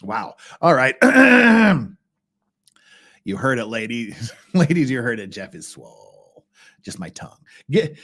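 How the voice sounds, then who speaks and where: A man's voice: medium pitch, lively intonation, moderate pace, a bit bright. A man hosting a casual legal commentary stream, sarcastic and mocking, laughing often, with a slightly thick tongue.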